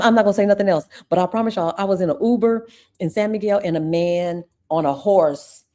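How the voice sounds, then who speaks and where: Woman host, ex-teacher, live chat with viewers; mellow tone, gushing and chatty. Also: mid-range voice. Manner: effusive, chatty, calls viewers "y'all". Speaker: channel host; former teacher. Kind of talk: casual livestream chat with viewers.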